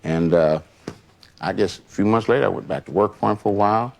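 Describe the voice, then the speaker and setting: Older male storyteller, low-pitched voice, loose and rambling. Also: fairly quick, vocal fry, darkish tone. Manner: rambling anecdotes with many asides. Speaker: longtime associate recounting memories. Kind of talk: casual storytelling.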